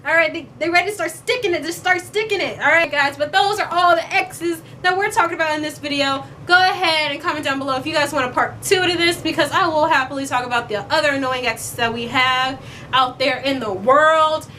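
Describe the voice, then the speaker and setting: Bright high-voiced young woman vlogging. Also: brisk, a little hiss or hum. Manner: chatty, playful, acts out quoted lines. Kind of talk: casual chat to camera.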